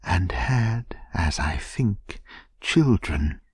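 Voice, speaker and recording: A man voicing a soft-spoken ghostly spirit. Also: lowish voice, animated, drawn-out words, husky, no echo, studio quality, full character voice. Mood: gentle. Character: gentle ghostly spirit guiding an old man.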